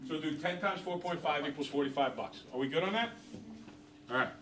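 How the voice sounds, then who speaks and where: A man teaching a math class tells his students a chatty story in between worked examples. His voice is on the high side, brisk and a bit bright, picked up from far off in an echoey classroom.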